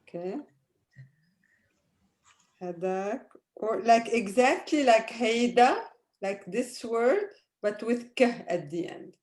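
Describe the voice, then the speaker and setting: A woman teaching a language lesson online, drilling words with her students slowly and patiently. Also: on the high side, animated, a little mellow. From Arab world. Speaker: Arabic teacher.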